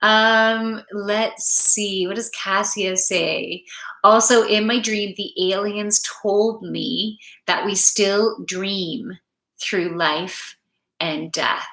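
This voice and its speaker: A woman giving a live oracle card reading, speaking gently and emotionally to her viewers and reading their comments aloud. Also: mid-range voice, steady tone, very slow, vocal fry, reverberant, rough recording. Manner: gentle, spiritual, emotive, reads chat aloud.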